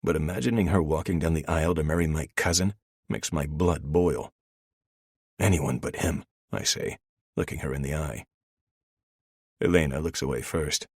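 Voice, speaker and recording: A man narrating a romance audiobook in the first person, in a measured, brooding way. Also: very deep voice, vocal fry, slightly rough, dry recording, clean studio sound.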